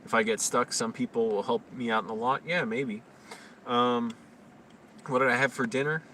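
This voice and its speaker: A man's voice: medium pitch, fairly even intonation, moderate pace, pushed and bright. A man chatting loosely on a live stream, rambling with lots of fillers. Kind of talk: casual live-stream chat. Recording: slightly distant mic, faint noise.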